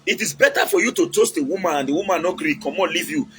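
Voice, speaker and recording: A man's voice: on the high side, fast talker, a bit bright, a little hiss or hum, rough recording. A man with a Nigerian accent giving casual, preachy relationship advice, mixing in Pidgin and acting out quotes.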